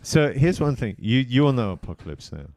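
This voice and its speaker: A man's voice: mid-range voice, big pitch swings, brisk, darkish tone, no room sound, clean studio sound. A man co-hosting a casual podcast, rambling through long stories with frequent restarts. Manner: rambling, tangent-prone. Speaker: podcast co-host. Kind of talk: casual chat.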